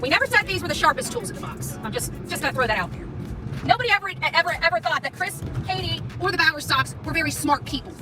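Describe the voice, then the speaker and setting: A very high-voiced woman rants quickly and combatively from her car, repeating her taunts. She sits a little back from the phone, and clear music plays behind her. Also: animated, recorded from a distance, crowd noise. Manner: heated, confrontational, repeats taunts. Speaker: live streamer. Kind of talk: angry live-stream rant and confrontation. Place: in a car in traffic.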